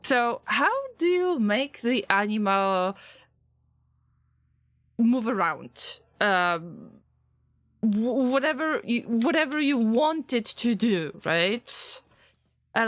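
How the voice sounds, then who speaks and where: Chatty woman streamer, slow and high. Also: no echo. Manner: chatty, easily distracted, bursts into excited alarm. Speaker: game streamer. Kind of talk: casual live-stream gameplay commentary.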